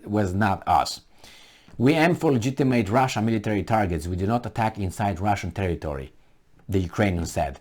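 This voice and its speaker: A man talks through a news article in a loose, off-the-cuff way. His pitch swings widely as he mocks and questions. He stays sarcastic and animated throughout, with a mid-range voice. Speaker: commentator. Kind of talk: casual solo commentary reading a news article.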